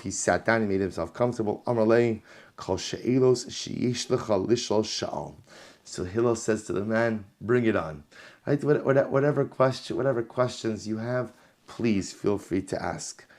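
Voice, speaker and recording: A man teaching a Talmud class as a rabbi. He reads the Aramaic text aloud, then explains it in English, telling the story with lively energy and often repeating phrases for emphasis. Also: on the low side.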